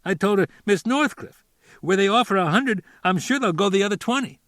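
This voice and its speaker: A man's voice: high-pitched, expressive, a little fast, fairly bright tone, dry recording, studio quality, voice pushed up. A man voicing a chatty small-town realtor who tells a story in folksy, ungrammatical talk. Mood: gossipy. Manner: folksy rambling storyteller, colloquial grammar. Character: chatty middle-aged male small-town realtor, boastful.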